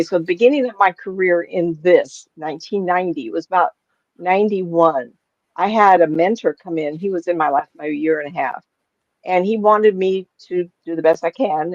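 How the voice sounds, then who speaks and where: A woman's voice: medium pitch, a little mellow, no echo, highs cut off. A woman in her seventies, a psychic medium, chatting casually over a video call in a rambling, chuckling way. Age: 70s. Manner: rambling storyteller, chuckles often. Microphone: webcam on a video call.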